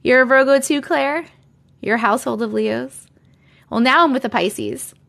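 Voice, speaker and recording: Upbeat woman host, thirties, bright high voice, reads chat comments on a desk mic. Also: moderate pace, creaky. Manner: bubbly, greets viewers by name, reads comments aloud. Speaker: live-stream host. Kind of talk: casual live-stream chat. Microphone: desk condenser mic.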